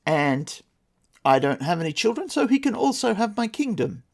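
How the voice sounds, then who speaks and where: Male narrator voicing an old magician king, raised pitch, grand and decisive, gravelly. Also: very animated, moderate pace, exaggerated voice. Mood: magnanimous.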